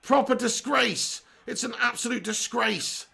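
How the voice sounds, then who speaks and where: A man's voice: very high voice, measured pace, creaky, bright, forceful tone, husky. A young man hosting a live football watch-along, ranting in exasperation and repeating himself, his voice strained and sore.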